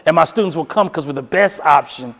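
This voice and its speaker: A man giving a storytelling keynote speech, animated and acting out other people's voices. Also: a little fast, big-room sound. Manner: animated, acts out voices with high falsetto for women. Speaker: keynote speaker.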